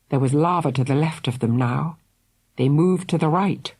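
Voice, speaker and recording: A woman narrating a children's audiobook in a dramatic, expressive way. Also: low voice, normal speed, husky. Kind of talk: scripted narration.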